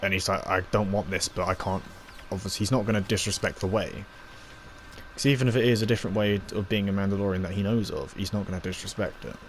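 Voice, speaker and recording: A man's voice: fairly low pitch, steady tone, fast talker, slight background noise. Rambling man recapping a show. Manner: rambling, full of fillers and acted-out quotes. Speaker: reviewer. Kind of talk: casual spoken review, recapping scenes.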